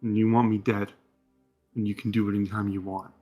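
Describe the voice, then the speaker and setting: A man's voice: lowish voice, little pitch movement, a little fast, dull audio, faint music behind, close to an everyday voice. A man voicing a hardened woman prisoner in a tabletop game, talking bluntly and swearing. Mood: defiant. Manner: blunt, profane and defiant.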